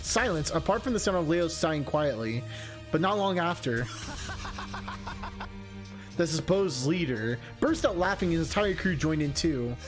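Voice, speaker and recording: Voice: medium pitch, animated, moderate pace, pauses often, music in the background. A streamer reading a game's story aloud and breaking off for chatty, laughing asides. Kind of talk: reading narration with live commentary.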